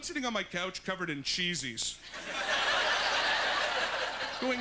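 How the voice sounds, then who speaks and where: A male stand-up comedian with a high, animated voice works the room from a club stage. His delivery is punchy and exaggerated, with loud laughter rolling in behind him. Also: slow, pauses often, heavy background noise. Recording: live set with loud audience laughter.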